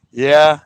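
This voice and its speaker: Fairly high-pitched and clean in tone, a man talks casually while fishing outdoors at a lake, streaming live through his phone camera. He laughs frequently, and the recording is dry.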